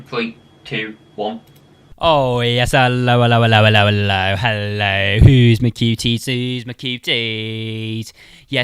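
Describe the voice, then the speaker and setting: A man's voice: medium pitch, fairly bright tone. Chatty man reviewing gear. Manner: chatty, repetitive, addresses viewers as guys. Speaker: tech reviewer. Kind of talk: casual product review.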